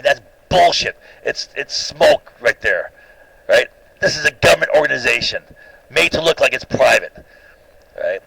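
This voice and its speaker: A man giving an informal recorded lecture, animated and opinionated, constantly checking in with "right?". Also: medium pitch, creaky, dry recording, poor audio.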